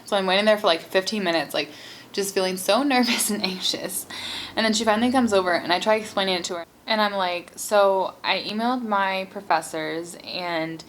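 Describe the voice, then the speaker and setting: A woman's voice: medium pitch, fast, a bit bright, slight background noise. A young woman vlogger telling a casual storytime while eating, chatty and exasperated, with many "like"s. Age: young adult. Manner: chatty, heavy use of "like", exasperated.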